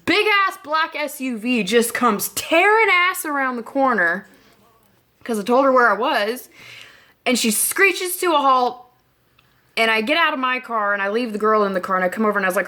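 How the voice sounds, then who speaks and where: A woman's voice: medium pitch, moderate pace. A woman telling a story in a casual, blunt way, swearing freely and acting out her own lines. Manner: profane, blunt, animated.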